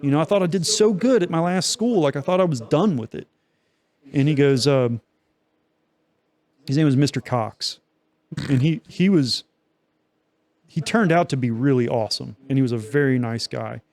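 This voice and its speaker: A man's voice: medium pitch, moderate pace, long pauses, darkish tone. A young man co-hosting a podcast, telling a long story in loose, profane casual chat with many fillers. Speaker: podcast co-host.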